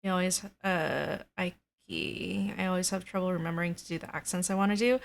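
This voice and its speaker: A woman's voice: on the low side, brisk, creaky. A woman, the dungeon master of a tabletop game, chatting casually with her players in a rambling way, full of fillers. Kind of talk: casual chat.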